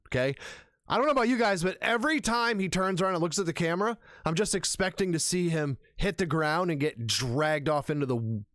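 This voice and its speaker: A man's voice: on the high side, a bit bright, no room sound, studio quality. A man hosting a live reaction stream and roasting what he watches with sarcastic jokes.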